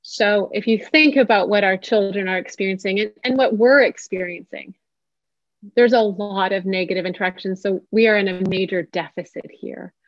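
A woman, a therapist, leading an online parenting workshop in a gentle, inviting way. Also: medium pitch, moderate pace, no room sound. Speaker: social worker and psychotherapist leading a workshop. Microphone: video call. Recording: dull dry video call audio.

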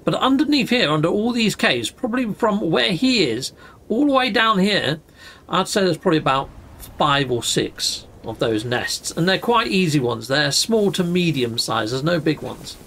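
Chatty gamer, lively pitch. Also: male voice, moderate pace, a little hiss or hum. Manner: chatty, thinking aloud, friendly asides. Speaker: gaming channel host. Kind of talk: casual let's-play commentary.

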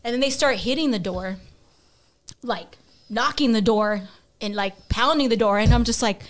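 Animated woman telling a story. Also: a little high, slight background noise. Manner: animated, fast bursts and acted-out quotes, laughing. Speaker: podcast guest. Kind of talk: casual storytelling.

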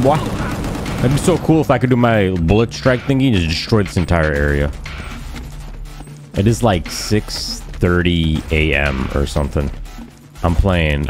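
A man giving casual, joking commentary while playing a game, trash-talking enemies in slang. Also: low-pitched. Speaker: let's play gamer. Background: game music and gunfire.

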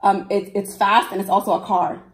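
A woman's voice: mid-range voice, level tone, fairly quick, reverberant, soft background music. A young woman chatting playfully with her partner, teasing and giggly as she runs a game. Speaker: vlogger, wife. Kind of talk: casual chat, playing a prank.

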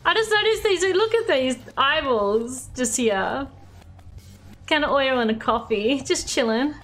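Australian woman, live game streamer, unhurried delivery, quick to exclaim and laugh. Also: high voice, lively intonation, fairly bright tone. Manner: exclaiming, laughing, swearing at mistakes. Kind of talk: live gameplay commentary.

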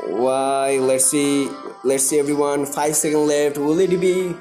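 A young man from India hosting a live stream, greeting viewers by name and repeating himself excitedly. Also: a little high, unhurried, few pauses, faint music behind.

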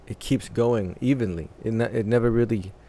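A man's voice: on the low side, moderate pace, warm tone, slight background noise. A man hosting a music reaction, casually analyzing the vocals and arrangement as he listens, often restarting phrases as he thinks aloud.

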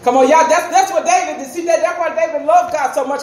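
A woman preaching a sermon in a call-and-response style, often rising to shouts. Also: high voice, quick pace, few pauses. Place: church sanctuary. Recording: echoey church hall, faint noise.

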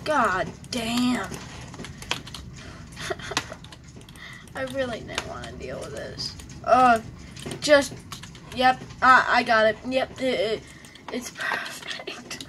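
A young woman with a fairly high voice chats slowly and unhurriedly through casual gameplay commentary. She rambles, jokes and talks to herself as she plays. A steady hiss of noise and keyboard typing sits under the recording. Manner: rambling and silly, talking to herself. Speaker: gamer.

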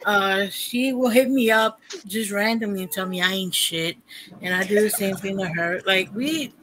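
A woman's voice: mid-range voice, normal speed, fairly bright tone, a little hiss or hum, rough recording. A woman on a podcast, chatting casually with blunt, teasing slang. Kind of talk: casual chat.

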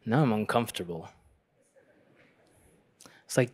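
Unhurried, a male Catholic priest gives a workshop talk at a youth conference. His personal story is told in an earnest, reflective way, and his preaching rises to a fervent pitch.

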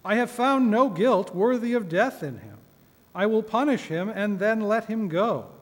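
Guy reading out a troubled roman governor, higher voice, pleading questions, echoey church. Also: lively intonation, unhurried. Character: troubled Roman governor, grown man, wavering. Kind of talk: liturgical scripture reading. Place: church sanctuary.

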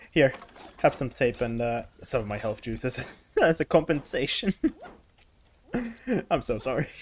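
A woman's voice: very deep voice, sing-song, slow, pauses often, a little mellow, slight background noise. A woman streaming a game, giggly and hyper, chatting playfully with her teammates. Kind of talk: casual gaming stream chat.

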